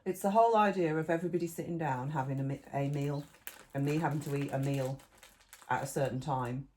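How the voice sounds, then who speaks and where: A woman's voice: sits low, brisk, darkish tone, a little hiss or hum. A middle-aged woman, co-hosting a podcast in casual chat, rambling through long lists and restarting her sentences. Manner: rambling, listy, restarts mid-thought. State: eating while talking. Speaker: podcast co-host.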